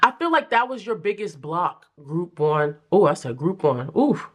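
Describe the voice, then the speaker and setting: Animated, chatty woman reading tarot. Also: fairly low pitch, moderate pace. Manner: animated, chatty, laughs often, playful slang. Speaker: tarot reader. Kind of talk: casual pick-a-card tarot reading.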